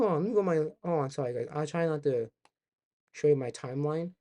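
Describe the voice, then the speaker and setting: Mellow-voiced young man ranting on stream. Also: on the high side, quick pace. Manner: ranting, profane, repeats himself. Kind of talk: livestream reaction commentary.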